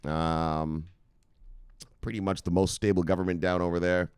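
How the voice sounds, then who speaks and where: A man's voice: deep voice, little pitch movement, normal speed, darkish tone, clear, resonant tone, no echo, clean studio sound. A male host giving casual, loose crypto news commentary from his computer, chatty and profane, laughing often.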